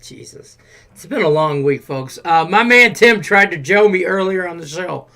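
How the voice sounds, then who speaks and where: A man's voice: high voice, moderate pace, bright, forceful tone. A man hosting a casual sports betting livestream, reading viewers' questions from the chat in a loose, joking way. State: out of breath. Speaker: show host reading chat.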